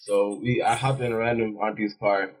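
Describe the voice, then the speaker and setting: A young man tells a story in loose, slangy speech, laughing and restarting his sentences. His voice sits a little low and sounds husky. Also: flat delivery, moderate pace, rough recording. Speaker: panel guest. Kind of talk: casual storytelling.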